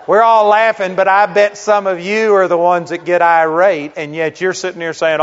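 A man's voice: sits high, fairly even intonation, normal speed, few pauses. A middle-aged man preaching a sermon to a congregation, talking conversationally, asking rhetorical questions and telling stories. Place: church. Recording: dull lo-fi sermon recording.

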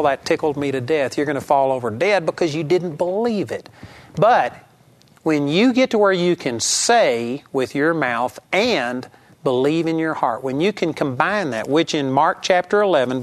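A male preacher whose voice sits a little higher than most men's. He teaches with steady, earnest emphasis and repeats his main points. He slows right down whenever he quotes scripture. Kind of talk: sermon.

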